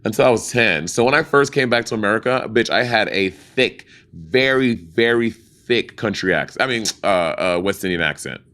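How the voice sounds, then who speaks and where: A man's voice: on the low side, animated, moderate pace, few pauses, a bit bright. A man from Saint Lucia co-hosting a podcast, chatting casually with lots of fillers. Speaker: podcast co-host. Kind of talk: casual chat.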